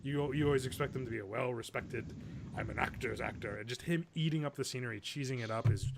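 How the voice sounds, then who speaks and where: A man's voice: mid-range voice, fast, crowd noise. A man co-hosting a podcast in casual chat, talking eagerly and laughing as he retells scenes. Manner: enthusiastic, laughs while retelling movie scenes. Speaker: podcast co-host.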